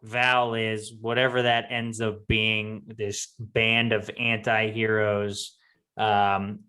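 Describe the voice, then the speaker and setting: A man co-hosting a podcast, recapping in a halting way with many fillers. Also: lowish voice, fairly bright tone. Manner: halting, full of ums and uhs, recapping. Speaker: podcast co-host. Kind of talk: casual chat.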